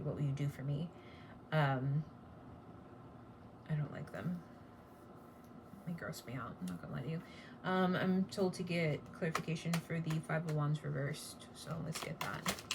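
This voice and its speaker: A woman's voice: deep voice, slight background noise. A woman giving a casual tarot reading, blunt and chatty, with casual swearing. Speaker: tarot reader.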